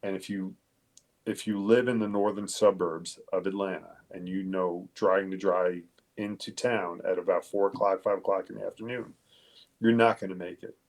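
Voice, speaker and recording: A police detective telling a personal story in a halting, candid way, swearing casually. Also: male voice, low-pitched, fairly even intonation. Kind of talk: conversational storytelling.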